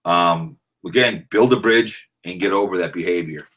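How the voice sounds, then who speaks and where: A man hosting a live-streamed sports podcast, rambling casually and breaking into loud, excited trash talk. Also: low-pitched, moderate pace. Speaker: podcast host.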